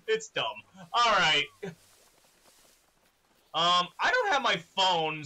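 Hyped young guy streaming, chatting w chat, high bright voice that jumps all over, faint music behind. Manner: excitable, laughs often, talks to chat. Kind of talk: live-streamed gameplay chat.

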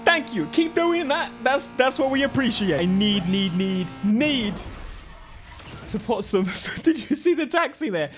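A young man with a British accent talks through a racing game in an excitable, joking way, laughing often. His voice sits high for a man. Loud game music plays under his commentary. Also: normal speed, few pauses. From Britain. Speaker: gaming YouTuber. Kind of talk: gameplay commentary.

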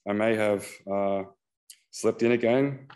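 A man's voice: fairly low pitch, fairly even intonation, slow pace, darkish tone. A man voicing a hungover, weary woman camel keeper in a short story reading, with blunt, tired replies.

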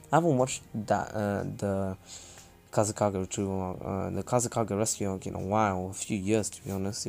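A man's voice: lowish voice, gravelly, darkish tone. A man casually retelling a fan story, rambling and correcting himself, with jokes and asides. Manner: rambling, self-correcting, joking.

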